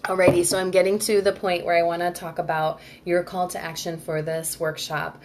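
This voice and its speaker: Low-voiced woman hosting a chatty workshop. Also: flat delivery, brisk, noisy background. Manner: chatty, reads viewer comments aloud and answers them; loose and rambling, full of "like" and restarts. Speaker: Ayurveda workshop host. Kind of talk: live-streamed workshop talk.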